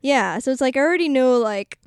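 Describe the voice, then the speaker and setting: A high-pitched, animated woman talks a little fast in a smooth, echo-free studio recording. Co-hosting a casual podcast, she laughs constantly, reads out questions from listeners and peppers her speech with "um" and "like."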